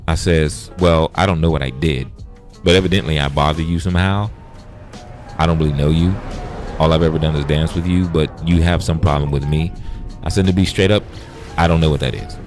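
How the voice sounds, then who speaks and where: A man's voice: a bass voice, fairly even intonation, a little fast, a little mellow, soft background music. A man hosting a casual livestream, bluntly retelling an argument with profanity and quoted back-and-forth. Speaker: livestream host.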